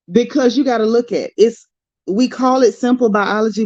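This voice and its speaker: A woman's voice: fairly high pitch, steady tone, normal speed, a little mellow, no room sound, highs cut off. Effusive woman chatting with her livestream viewers. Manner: emotional, effusive, talks to chat viewers by name. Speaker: livestream host. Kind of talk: casual livestream chat.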